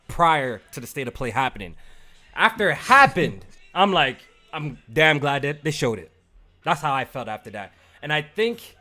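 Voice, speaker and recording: Man, podcast host, relaxed casual talk, reading chat messages aloud. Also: mid-range voice. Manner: reads out viewer comments, laid-back. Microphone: low mic level.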